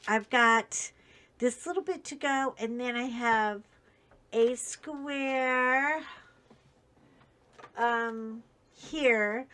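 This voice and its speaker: A woman hosting a casual live stream while coloring, talking in a slow, emphatic, indignant way. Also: fairly high pitch, sharp tone.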